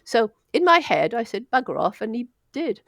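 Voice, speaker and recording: An older Welsh woman, a doctor appearing as a guest, tells stories in a casual interview, chatty and self-deprecating. Her voice is fairly high, a bit bright and very animated at normal speed, recorded as clean studio sound with no echo.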